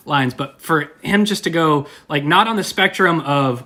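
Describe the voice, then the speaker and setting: Young male pastor, lilt, bright chatty delivery, playful and self-deprecating livestream sermon. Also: fairly high pitch, fairly quick. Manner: rambling, playful, self-deprecating with frequent fillers.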